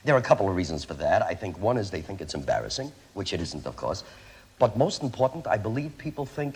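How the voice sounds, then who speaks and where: Fast-talking man doing stage patter. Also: low-pitched, sing-song, darkish tone. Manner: brisk, joking, rattles off names. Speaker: memory performer on a TV magic show. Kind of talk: stage patter to a studio audience. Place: TV studio with live audience.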